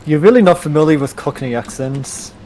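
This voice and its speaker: An Australian-accented man chats as a guest on a casual stream, relaxed and dryly teasing. His voice sits a little high for a man. Faint noise hums underneath. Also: a little fast. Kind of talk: casual online chat.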